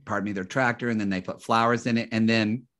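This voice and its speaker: A man's voice: fairly low pitch, steady tone, quick pace, fairly bright tone. A man talking casually as a podcast guest, telling a long family story with many restarts.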